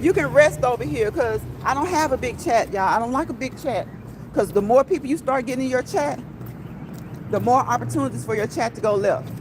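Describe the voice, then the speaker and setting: A high-pitched woman hosts a casual walking livestream, playful and chatty as she addresses her viewers. She talks into a phone outdoors on a city street. Traffic and street noise sit clearly behind her voice. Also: brisk. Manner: playful, chatty, laughs often, talks to chat directly. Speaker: livestream host.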